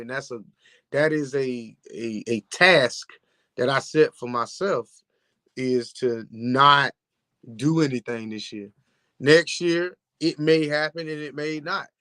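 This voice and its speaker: A man co-hosting a casual chat show, tired and talking in a low-key monotone. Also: unhurried, dry recording. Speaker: podcast co-host.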